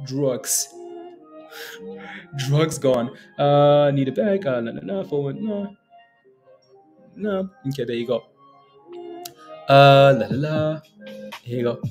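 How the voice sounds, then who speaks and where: A man's voice: medium pitch, lively intonation, slow, pauses often, mellow, soft background music. A man hosting a day-trading livestream, rambling casually with many fillers and short laughs as he reads the chat. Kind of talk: casual live-stream commentary.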